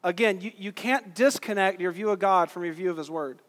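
A man preaching a sermon as pastor, talking to his congregation in a conversational way, asking rhetorical questions and slowing down for emphasis. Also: high-pitched, fairly bright tone. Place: church sanctuary. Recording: long reverb of a church hall.

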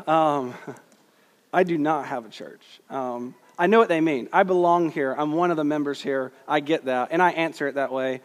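A male pastor delivers an earnest sermon, leaning hard on key phrases and slowing for quotes. His voice sits a little high for a man. A long hall reverb trails each line. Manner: earnest, emphatic preaching with slow stressed quotes.

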